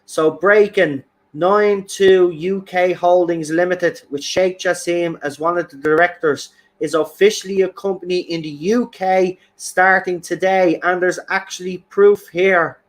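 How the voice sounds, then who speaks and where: Passionate football fan, higher voice. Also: male voice, steady tone, measured pace, hardly any pauses. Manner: passionate, emphatic, repeats himself for effect. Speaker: football fan channel host. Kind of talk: excited fan commentary.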